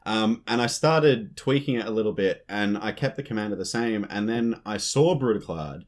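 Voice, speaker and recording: A man co-hosting a podcast, talking in chatty, animated bursts with a laugh now and then. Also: lowish voice, moderate pace. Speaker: podcast co-host. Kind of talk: casual chat.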